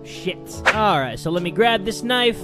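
A young man giving loud, excitable let's-play commentary, swearing often, with game music behind. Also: high-pitched, unhurried. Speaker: gaming YouTuber.

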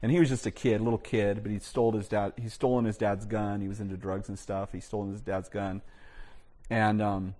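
A man's voice: fairly low pitch, level tone, a little fast, dark tone. Man preaching a casual sermon. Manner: conversational storytelling with frequent "you know" and restarts. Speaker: pastor.

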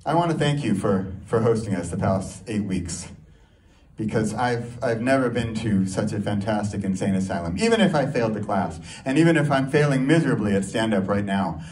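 A stand-up comedy student performs his first set at a small comedy venue, rambling and mocking himself while laughing at his own jokes in front of a live audience. His voice is lowish, animated, a little fast and a little mellow, picked up by a distant mic along with audience noise.

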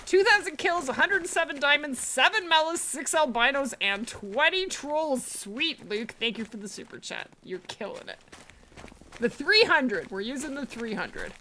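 A woman's voice: high-pitched, animated, moderate pace, sharp tone, slight background noise. A woman streaming a hunting game live, chatting casually, thanking viewers and often laughing. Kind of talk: live gameplay stream chat.

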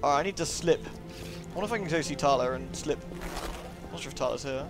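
A man's voice: on the high side, fast. A man casually commenting on a game he is playing, muttering to himself as he goes. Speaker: game streamer. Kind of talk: casual live-stream commentary. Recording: game music playing behind.

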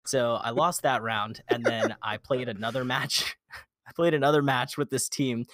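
A man telling a gaming story in a casual podcast chat, animated, swearing often and acting out quotes. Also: medium pitch, a little fast, no echo, studio quality. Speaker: podcast guest.

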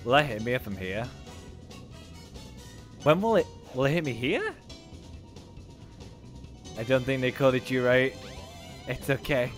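A man in a mid-range voice chats offhandedly through a game. He jokes and recaps, breaking into loud yelps when things go wrong. Game music plays clearly underneath. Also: medium pitch, big pitch swings, a little slow, long pauses. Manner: offhand, joking storyteller with sudden loud outbursts. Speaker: gaming video host. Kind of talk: casual gameplay commentary.

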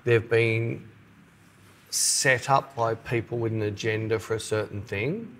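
A man's voice: lowish voice, unhurried, slight background noise. A middle-aged man, co-hosting a casual podcast chat and acting out little quotes as he tells stories. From Australia. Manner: animated storyteller, acts out quotes. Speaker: podcast co-host.

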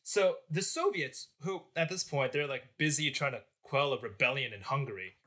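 A man's voice: mid-range voice, normal speed, bright, forceful tone. A man hosting a comic history podcast, telling the story in a joking, chatty way.

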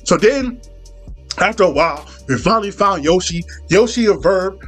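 A man with a high-pitched voice telling a comedic story, rambling and profane, constantly restarting his sentences and slipping into quoted dialogue. Faint music plays behind him. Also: lively intonation, normal speed, fairly bright tone, breathy edge.

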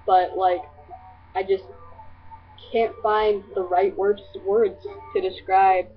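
Her medium pitch barely moves and her pace is slow while soft music plays behind her. The teenage girl gushes in a scattered, filler-heavy ramble on a casual vlog for her friends, recorded through tinny lo-fi webcam audio.

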